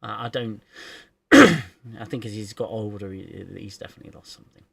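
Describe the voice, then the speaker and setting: A man's voice: fairly low pitch, normal speed, gravelly, a bit bright, husky. A man hosting a casual livestream chat, hesitant and self-deprecating, often restarting his sentences. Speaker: livestream host.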